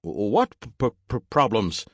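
A man's voice: on the low side, very animated, normal speed, no room sound, voice pushed up. A man voicing a glitchy male robot servant who stammers and speaks in a stiff, formal way. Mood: glitching.

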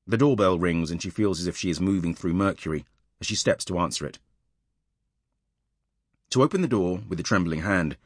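Deep, husky male audiobook narrator. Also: a bit bright, dry recording. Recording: dry close studio recording.

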